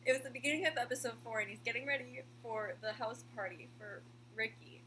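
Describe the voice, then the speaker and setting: A woman chatting casually as a video host at home, gushing and excitable, with lots of "like" in her talk. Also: on the high side, brisk, few pauses, a little hiss or hum. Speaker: video host reviewing a TV show. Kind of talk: casual chat. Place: room at home with a heater running.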